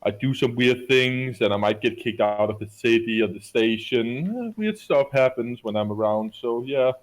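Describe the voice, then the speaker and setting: A man's voice: mid-range voice, moderate pace, natural voice, low-quality recording. Man playing Umbra, shady starship doctor. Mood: matter-of-fact. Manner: plain, hesitant, conversational delivery. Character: shady mysterious starship doctor with grisly habits.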